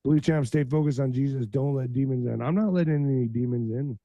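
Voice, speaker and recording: A man hosting a political podcast livestream, blunt and profane, reading news aloud and ranting, his voice going hoarse. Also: medium pitch, a little fast, no echo, muffled recording. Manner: blunt, heated, reads news aloud then rants. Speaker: podcast host.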